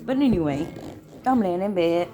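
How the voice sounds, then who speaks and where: A woman's voice: lowish voice, normal speed, faint music behind. Chatty woman vlogging from bed. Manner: chatty, swears freely, animated retelling. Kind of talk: casual storytelling vlog. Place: lying in bed at home.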